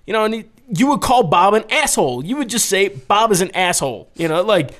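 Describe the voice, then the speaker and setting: A young man co-hosting a podcast, telling stories in casual banter, profane and animated, laughing often. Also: sits high, brisk. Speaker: podcast co-host.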